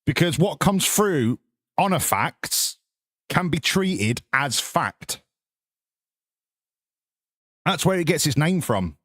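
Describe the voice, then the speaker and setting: A man's voice: fairly high pitch, expressive, slow, long pauses, a bit bright, slightly rough, dry recording, clean studio sound. A man, chatting casually with his viewers on a live stream in sarcastic, sweary, mock-lecturing rants.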